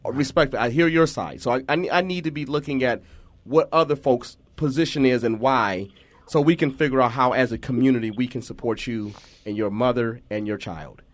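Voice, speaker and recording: A man's voice: mid-range voice, moderate pace, dry recording. A man hosting a community talk show, speaking emphatically and encouragingly, often repeating words.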